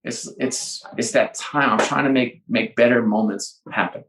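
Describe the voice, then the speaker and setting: A middle-aged man talks through an interview over a call and lively acts out the dialogue in his stories. His voice sits at an ordinary pitch. The room around him gives the sound a noticeable echo. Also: moderate pace, background noise. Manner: animated storyteller, acts out dialogue. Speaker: sports executive guest. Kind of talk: conversational interview. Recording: roomy echo.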